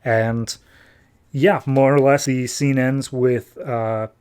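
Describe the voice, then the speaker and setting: A man's voice: medium pitch, steady tone, takes it slowly, darkish tone, clear, resonant tone. A man hosting a podcast, casually recapping a comic book in a chatty, filler-heavy way. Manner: chatty, filler-heavy, retells scenes in quoted paraphrase. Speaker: podcast host.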